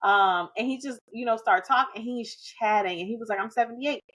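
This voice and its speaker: A woman guest telling a lively anecdote in casual conversation. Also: a little high, a little fast. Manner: animated, chatty anecdote-telling. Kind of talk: casual storytelling.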